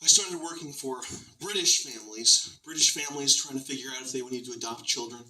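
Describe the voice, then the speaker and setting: A man doing stand-up comedy, telling absurd stories in a deadpan, rambling way. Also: medium pitch, fairly quick, roomy sound, recorded from a distance, low-quality recording.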